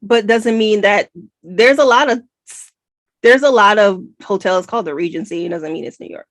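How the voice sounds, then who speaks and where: An American woman co-hosting a book podcast, talking in an emphatic, animated way. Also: medium pitch, moderate pace, dry recording. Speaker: podcast co-host. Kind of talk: casual book review chat.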